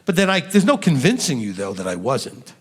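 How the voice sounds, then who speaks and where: A man leading a question-and-answer teaching session, animated and acting out the lines he quotes. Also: medium pitch, brisk, slightly rough, long reverb tail. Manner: animated, acts out quoted dialogue.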